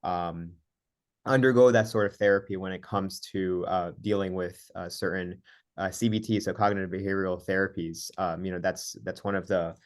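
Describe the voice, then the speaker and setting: A podcast host with a low-pitched man's voice. He asks long, rambling questions and leans on fillers and hesitations as he goes. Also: fairly even intonation, normal speed. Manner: hesitant, many fillers and you-knows. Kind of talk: interview questions.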